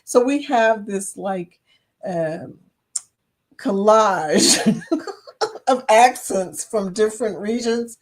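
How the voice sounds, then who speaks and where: A woman's voice: mid-range voice, a little mellow. A woman with a Kentucky accent hosting a casual livestream chat, chatting away, reading viewer comments aloud and laughing often. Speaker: livestream host.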